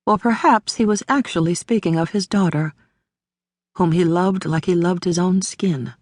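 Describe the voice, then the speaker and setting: Slow, low-voiced woman narrating a novel. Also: darkish tone, no echo, studio quality. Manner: measured, deliberate reading. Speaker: audiobook narrator. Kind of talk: scripted literary narration.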